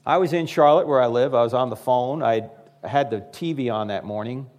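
A man in his fifties, brisk and mid-range in pitch, works a live audience as a public speaker with a humorous talk. He speaks to the crowd directly and animatedly voices the people who appear in his stories.

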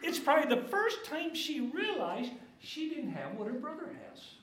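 Animated man preaching in an echoey hall. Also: moderate pace. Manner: animated, emphatic storytelling with swings into high excited tones. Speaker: guest speaker at church seminars. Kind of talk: storytelling seminar talk. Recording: very echoey hall with faint room noise.

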